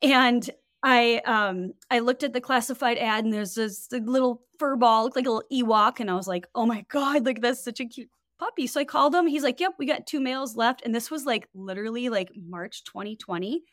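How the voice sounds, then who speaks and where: A woman, a wellness coach, telling a story in casual podcast chat, animated and full of fillers. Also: fairly high pitch, fairly quick, dry recording, clean studio sound. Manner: animated, lots of fillers and quoted voices.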